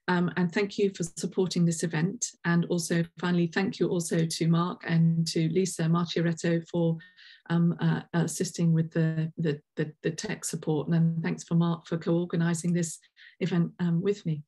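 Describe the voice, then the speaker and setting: Woman host, lower register, chairing online Q&A, hesitant and filler-heavy. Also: level tone, moderate pace, dark tone. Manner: hesitant, many ums and restarts.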